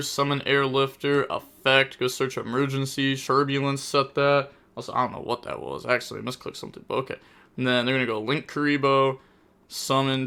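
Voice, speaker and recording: A young man commentating a card game replay, talking fast and getting exasperated, breaking into loud outbursts at misplays. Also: mid-range voice, clean tone. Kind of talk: gameplay commentary.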